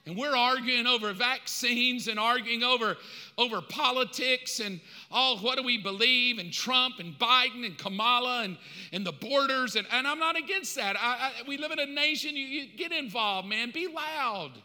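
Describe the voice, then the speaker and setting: A male pastor preaching a sermon with a high, very bright and cutting voice. He is impassioned, rising to loud preaching and dropping to quiet asides. His voice carries a long reverb from the sanctuary hall. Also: moderate pace.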